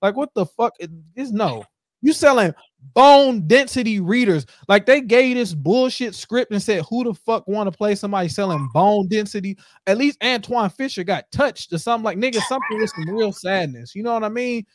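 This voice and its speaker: A man hosting a podcast, ranting in casual chat, animated and heavy with profanity. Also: high-pitched, moderate pace, no room sound, studio quality. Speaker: podcast host.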